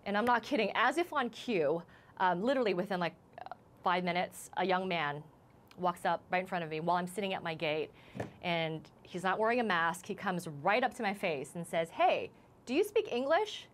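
Shaken woman telling her story haltingly. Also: lowish voice, fairly bright tone. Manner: halting, many restarts. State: shaken, emotional. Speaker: news reporter as guest. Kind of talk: live TV interview, recounting.

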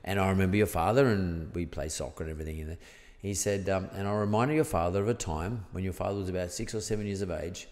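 Deep-voiced Australian man telling a story. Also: fast, few pauses, a little mellow, big-room sound. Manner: rambling anecdotal delivery, acting out quoted dialogue. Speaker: podcast guest. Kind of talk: casual storytelling.

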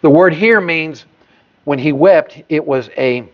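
A man preaches a sermon at a very slow, deliberate pace, leaning hard on single words. His voice sits a little high and jumps up suddenly for emphasis. The recording is dull and lo-fi. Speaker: pastor.

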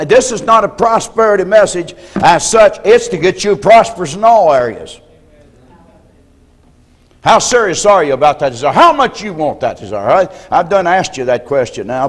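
A man, a pastor from the United States, preaching a sermon in a folksy storytelling way and often clearing his throat. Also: fairly high pitch, lively intonation, unhurried. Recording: long hall reverb.

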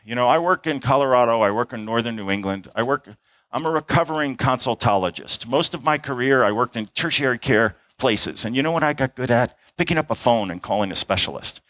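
A man's voice: medium pitch, expressive, brisk, fairly bright tone, no echo. A middle-aged man, an emergency doctor, giving a conference talk, telling a case story with acted-out dialogue and sounds. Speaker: emergency physician and airway instructor. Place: conference hall.

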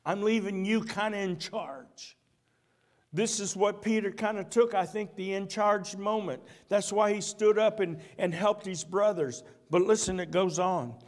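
A male pastor with a notably high, light voice delivers a church sermon. His style is folksy and conversational, and his volume swings from loud emphatic bursts to soft, slowed-down lines. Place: church sanctuary.

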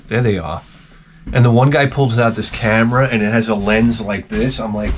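A man hosting a video, telling a rambling, profane comic rant with lots of restarts and asides, swinging between loud bursts and muttered remarks. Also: fairly low pitch, fairly even intonation, moderate pace, a little hiss or hum. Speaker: video host.

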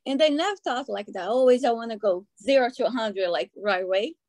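Lively excitable woman. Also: on the high side, fairly quick, no room sound. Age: middle-aged. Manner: excitable, animated storytelling with acted-out quotes. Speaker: coaching client. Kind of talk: casual interview chat.

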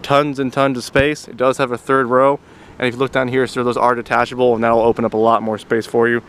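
A man's voice: mid-range voice, flat delivery, a little fast, fairly bright tone, clear, resonant tone. A man walking a buyer around a used car as a salesman, repeating "very, very" and addressing the buyer as "sir". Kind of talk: vehicle walkaround video. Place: outdoors at a car lot. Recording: noisy outdoor recording.

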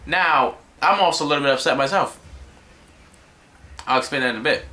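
A man's voice: on the high side, brisk, pushed and bright. A young man giving a rambling, exasperated vlog rant, swearing constantly. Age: young adult. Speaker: vlogger. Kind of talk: profane ranting commentary.

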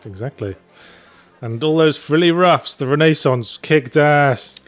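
A man's voice: fairly high pitch, measured pace. A man co-hosting a casual let's play, explaining the game in a dry, sardonic way. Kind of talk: casual gameplay commentary.

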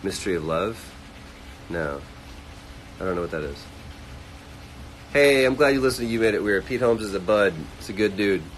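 A man hosting a casual livestream, reading fan comments aloud and answering them quickly. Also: fairly low pitch, animated, a little hiss or hum, poor audio. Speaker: livestream host answering chat. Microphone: phone livestream.

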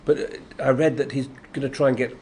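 Recorded amid the noise of a convention room, this older guest actor speaks a little fast in a mid-range voice with a Yorkshire English accent, being from Yorkshire, England. He's an animated anecdote-teller in an interview, performing the lines he quotes and laughing frequently.

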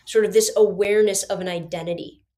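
A woman's voice: mid-range voice, fairly even intonation, quick pace, mellow. A middle-aged woman, hosting a podcast and telling a personal story in an earnest, confiding way, speaking straight to her listeners. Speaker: podcast host.

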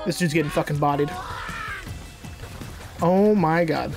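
A gamer giving casual let's-play commentary, swearing often, bragging and breaking into excited outbursts while playing. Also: medium pitch, measured pace, vocal fry. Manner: profane, excitable, boastful trash talk with sudden outbursts. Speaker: gamer playing through a platform game. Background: faint game music.

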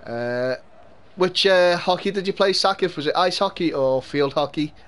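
A man's voice: sits high, normal speed. Chatty Scouse man commentating gameplay. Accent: Liverpool Scouse, mild. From Liverpool, England. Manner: chatty, laughs often, cheers at the game. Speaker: gaming streamer. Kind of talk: live gameplay commentary and chat with viewers.

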